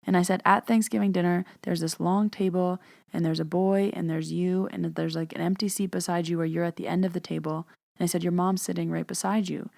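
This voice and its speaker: Young female storyteller, casual and chatty, lower pitch with vocal fry. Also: steady tone, a little fast, darkish tone, no echo, clean studio sound. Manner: chatty retelling, many "like" fillers. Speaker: podcast host and medium.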